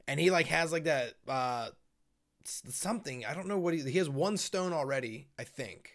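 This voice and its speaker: A young man co-hosts a podcast, chatting casually and rambling with plenty of fillers. His fairly high voice has lively intonation and a fairly bright tone at a moderate pace.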